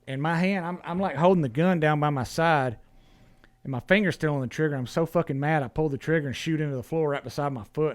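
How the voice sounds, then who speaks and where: A man's voice: a little high, fast talker. A man, a podcast guest telling a story in casual talk, blunt and profane, often restarting his words.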